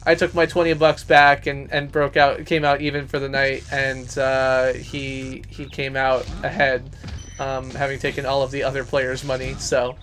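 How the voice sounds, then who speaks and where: A man's voice: medium pitch, monotone, moderate pace, a bit bright. A man chatting casually as a gaming streamer, rambling and poking fun at himself while he plays. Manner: chatty, self-mocking, rambling. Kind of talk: casual gameplay commentary. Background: faint game music.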